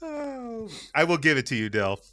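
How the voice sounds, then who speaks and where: A man's voice: medium pitch, very animated, normal speed, pushed and bright. A man co-hosting a gaming podcast, teasing his friends and laughing often. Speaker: podcast co-host. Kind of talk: casual chat.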